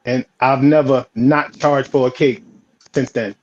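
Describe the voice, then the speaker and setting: A man's voice: medium pitch, fairly even intonation, a little slow, a little mellow. A man with a New York accent, a home baker and guest, telling his story casually and stammering a bit at the start of phrases. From Philadelphia, raised on Staten Island. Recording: dull lo-fi audio.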